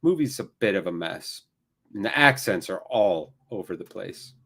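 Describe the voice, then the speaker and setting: A man's voice: deep voice, lively intonation, moderate pace, vocal fry, pushed and bright, husky. A man hosting a live watchalong, giving casual, jokey play-by-play with rambling asides. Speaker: watchalong host. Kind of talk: casual live match commentary.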